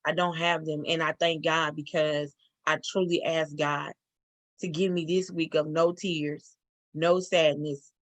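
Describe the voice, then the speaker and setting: A middle-aged woman giving a spoken church testimony, earnest and halting, with many fillers and restarts. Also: low-pitched, level tone, no echo.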